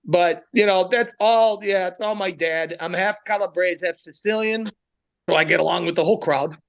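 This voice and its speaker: A comedian with a fairly high voice chats easily in an interview. He tells stories with lots of energy and slips into voices as he goes. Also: moderate pace, vocal fry. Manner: animated storyteller, breaks into voices. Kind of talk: casual interview chat.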